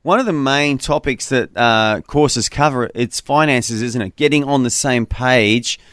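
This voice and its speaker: Radio host, male, mid-pitched, conversational storyteller, dry close studio sound. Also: dry recording. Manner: warm conversational storyteller, slows to repeat phone number. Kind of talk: call-in radio talk.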